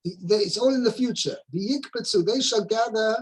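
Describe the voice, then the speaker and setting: High-voiced man patiently explaining. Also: normal speed, breathy edge, poor audio. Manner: patient, explanatory, with careful step-by-step translating. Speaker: teacher. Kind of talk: explaining a text in a study session.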